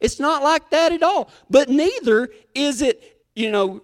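A man delivers a cowboy sermon in a folksy, drawling voice. His pitch sits high and swings widely as he spins a self-mocking rodeo tale. He is animated and unhurried. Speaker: cowboy preacher. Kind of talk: sermon with a comic rodeo story.

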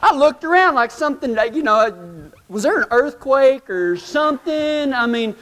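A man's voice: very high voice, lively intonation, moderate pace, a bit bright. A man telling a humorous, self-mocking story in folksy rural speech to a live audience. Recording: long hall reverb.

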